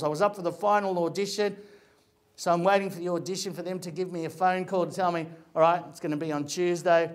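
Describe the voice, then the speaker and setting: A middle-aged man, an actor telling stories about his career in a chatty, rambling way with frequent restarts. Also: on the high side. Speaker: actor giving a talk. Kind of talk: casual storytelling talk.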